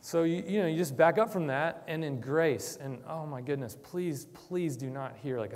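A man preaching a casual, conversational sermon, his voice sitting a little high for a man. He drops to near-murmurs and then pushes up into loud, insistent emphasis. The sound trails off in the long reverb of a large hall. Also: normal speed. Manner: conversational, swings from quiet reflection to loud emphatic urging. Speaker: church speaker.

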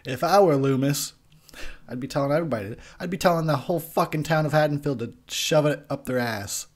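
A man's voice: mid-range voice, quick pace. A young man giving a tipsy, profane movie commentary, rambling and laughing at his own jokes. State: tipsy from beer.

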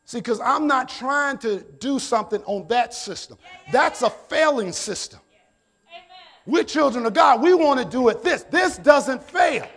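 High-pitched gravelly preaching man. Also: lively intonation. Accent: American. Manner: preaching with shouted, drawn-out exhortations. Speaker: pastor. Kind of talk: sermon. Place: church sanctuary.

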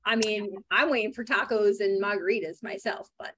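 A woman's voice: mid-range voice, fairly bright tone, slightly rough. A woman co-hosting a casual video call, chatty and teasing. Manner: teasing, chatty, quick to laugh along. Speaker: co-host.

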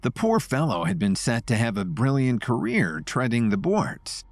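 A man narrating a scripted story in an expressive storytelling manner. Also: medium pitch, moderate pace, no echo.

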